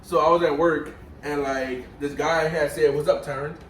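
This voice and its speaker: A man's voice: a little high, fairly even intonation, normal speed. A young man from New Orleans with a New Orleans accent, telling a story in a casual chat and leaning on "you know" and "and everything". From New Orleans, Louisiana. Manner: laid-back, leans on "you know" and "and everything". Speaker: boyfriend of the vlogger, cameraman. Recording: roomy and a bit distant, faint hiss.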